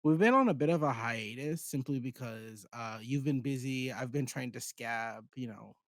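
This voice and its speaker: A man's voice: mid-range voice, normal speed, dry recording. A man co-hosting a podcast in casual chat, rambling and self-deprecating. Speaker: podcast co-host.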